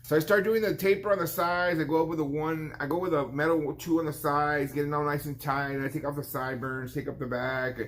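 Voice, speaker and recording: A man's voice: a little high, steady tone, a little fast, hardly any pauses, a bit bright. Chatty barber in his fifties. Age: 50s. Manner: rambling, acts out the client's lines in a raised voice. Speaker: barber and vlog host. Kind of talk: casual storytelling vlog.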